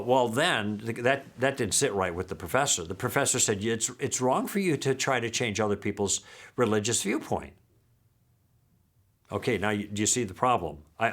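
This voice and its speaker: In this recorded teaching session, an apologetics instructor recounts his own conversations, voicing each participant as his pitch rises and falls dramatically. He keeps the audience engaged with brief "okay?" and "all right?" checks, telling it all in a lively way.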